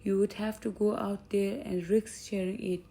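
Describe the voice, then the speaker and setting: Gravelly-voiced woman reading a story. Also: mid-range voice, little pitch movement, moderate pace, dark tone. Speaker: audiobook narrator. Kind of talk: first-person story reading.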